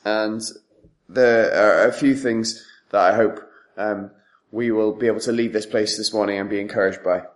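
A man preaching a sermon in a measured way, leaning on tag questions and pausing with frequent ums. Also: lowish voice, fairly even intonation.

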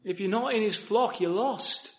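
A man preaches in a fairly high voice. He is earnest, rising to loud appeals and then dropping to a hush. The recording is dull and lo-fi. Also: moderate pace. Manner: earnest, swings from loud appeals to hushed quiet. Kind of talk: sermon.

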